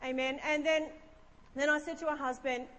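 A woman's voice: high voice, steady tone, normal speed, fairly bright tone, big-room sound. A woman pastor telling a story in a sermon, chatty and humorous, in a conversational way.

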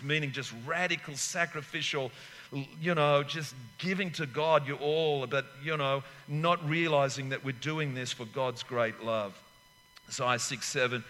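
A man's voice: medium pitch, normal speed, bright, forceful tone, in a large hall. A man in his sixties preaching a sermon as pastor, emphatic and rambling, with asides where he acts out little scenes.

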